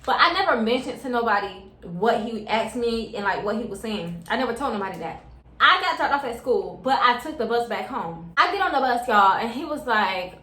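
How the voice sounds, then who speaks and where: Young woman vlogger, higher voice, slangy casual story time, echoey room. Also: animated, fairly quick, bright, forceful tone. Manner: chatty, slangy, keeps addressing viewers as y'all.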